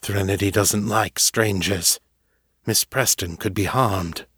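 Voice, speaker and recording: A man's voice: fairly low pitch, fairly even intonation, slow, fairly bright tone, husky, no room sound, clean studio sound, heavily acted. A man voicing a cautious, polite man who speaks carefully and soothingly.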